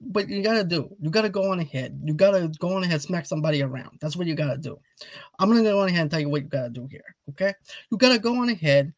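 A man's voice: fairly high pitch, lively intonation, very fast, no echo, muffled recording. A man putting on a brash Italian mobster voice. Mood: bossy. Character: brash male Italian-American mobster type.

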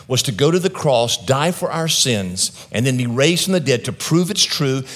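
A man preaching a sermon as pastor, reading scripture aloud and then explaining it in a conversational way, stretching key words for emphasis. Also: medium pitch.

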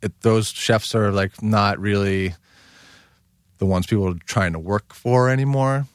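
A man's voice: on the low side, unhurried, clean tone, dry recording, clean studio sound. A man, a guest chef, talking in a casual podcast conversation, rambling with many fillers.

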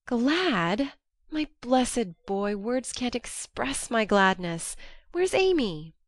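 A woman voicing a spirited, impulsive young woman in an audiobook reading, speaking in an excitable, exclamatory way. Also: medium pitch, measured pace, no room sound, clean studio sound. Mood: excited. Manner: excitable, exclamatory, warmly scolding.

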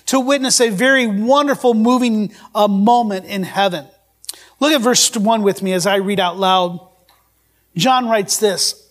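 A man's voice: high voice, fairly bright tone. A man preaching a sermon, reading scripture aloud and asking his listeners questions. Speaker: pastor.

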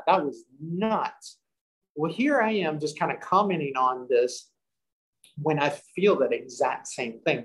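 Husky man telling a spooky story. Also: on the high side, rough recording. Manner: acts out the quotes, breaks into laughter. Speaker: storyteller recounting a paranormal investigation. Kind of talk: animated first-person storytelling.

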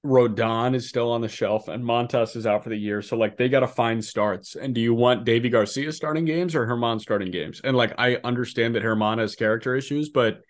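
A man co-hosting a casual sports podcast, talking fast and loose with incredulous outbursts and plenty of fillers. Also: mid-range voice. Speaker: podcast co-host. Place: apartment.

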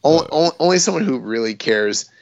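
A man's voice: fairly high pitch, lively intonation, normal speed, gravelly. A man chatting casually as a podcast co-host, rambling and joking, with offhand swearing. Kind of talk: casual wrestling chat. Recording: dull lo-fi recording.

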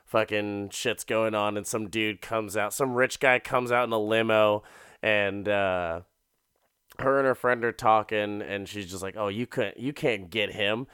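A man's voice: on the low side, fairly even intonation, measured pace, a bit bright, clear, resonant tone, no room sound, clean studio sound. A man casually retelling a movie plot in a profane, rambling way, often laughing. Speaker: film recapper.

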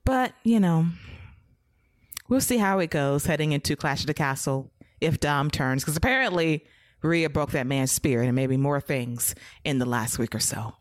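Woman, podcast co-host, low voice, dry close mic, animated recap. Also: moderate pace, no echo. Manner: animated, acts out wrestler promos. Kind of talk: casual wrestling recap.

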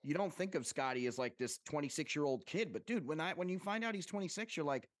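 Swearing, animated man on a dry mic. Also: fairly high pitch, fast, no echo. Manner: animated, profane banter with frequent "like" fillers. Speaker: podcast co-host. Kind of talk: casual podcast chat.

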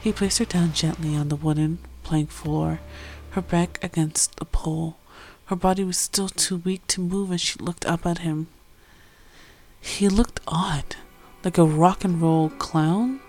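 A woman chatting casually with fillers, then reading a romance story aloud. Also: low voice. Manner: chatty, filler-heavy intro then steady narration. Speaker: fan fiction reader.

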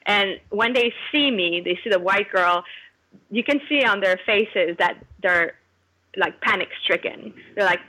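A woman from Canada, a podcast guest, telling a story in an animated way and often laughing as she talks. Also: mid-range voice, normal speed, low-quality recording. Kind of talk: casual storytelling.

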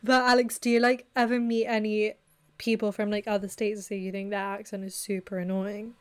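A woman's voice: medium pitch, flat delivery, a little fast, smooth. A young English woman hosting a podcast, chatty and laughing often. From England. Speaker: podcast host. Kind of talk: casual podcast chat.

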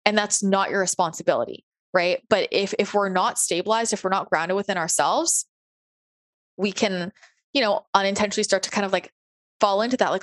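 This earnest, chatty woman hosts a casual spiritual podcast from her home office, peppering her monologue with fillers like "like" and "right?". Her medium-pitched voice moves fairly quickly, and the home computer recording is dry and close with no room sound.

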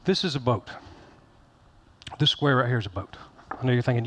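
A man's voice: medium pitch, lively intonation, normal speed, fairly bright tone, slight background noise. A middle-aged man pastor giving a conversational sermon, folksy and joking, repeating phrases for emphasis.

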